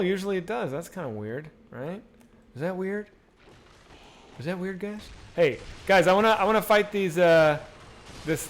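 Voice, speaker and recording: Man, game streamer, casual live commentary, very animated pitch, talks back to viewers, salty language. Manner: animated, swears freely, chats back to viewers.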